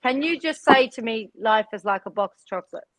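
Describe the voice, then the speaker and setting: A woman's voice: fairly high pitch, expressive, fairly quick, a bit bright, no room sound, poor audio. Chatty English woman co-host. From England. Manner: chatty, swears, laughs easily. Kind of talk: casual online chat.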